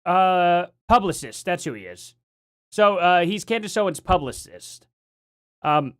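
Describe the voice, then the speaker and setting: A man's voice: high-pitched, sing-song, unhurried. Rambling male live streamer. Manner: rambling, chuckling, lots of fillers. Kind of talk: casual live stream commentary.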